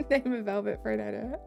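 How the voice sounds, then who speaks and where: A woman's voice: a little high, gravelly. A British woman streaming live, chatting casually and reading out viewer comments. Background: faint background music.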